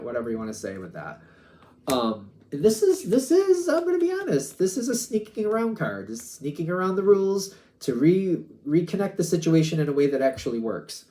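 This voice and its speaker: A man's voice: mid-range voice, warm tone. A man giving a casual tarot reading, rambling and hedging with lots of filler words and disclaimers. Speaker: tarot reader.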